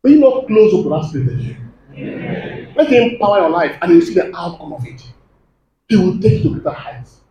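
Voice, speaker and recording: A man with a high voice preaches with emphatic force, putting questions to his listeners. He is recorded in an echoey church, with a faint hum underneath. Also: sing-song, a little fast, long pauses, dark tone, lo-fi sound. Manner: emphatic preaching, calls to the congregation. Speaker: pastor. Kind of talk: sermon.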